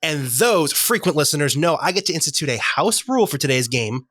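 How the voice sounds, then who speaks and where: A man's voice: fairly high pitch, big pitch swings, a bit bright, dry recording. A man hosting a comedy podcast, joking and laughing as he reads promos and introduces the contestants. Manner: jokey, reads promos quickly, laughs often. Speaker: host.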